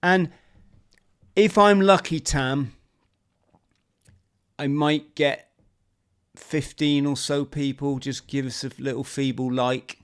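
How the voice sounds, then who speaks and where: Man, podcast host, casual chat, smooth clear voice, talks to listeners as friends. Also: medium pitch, steady tone, takes it slowly, pauses often. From United Kingdom. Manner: conversational, restarts, addresses listeners as friends.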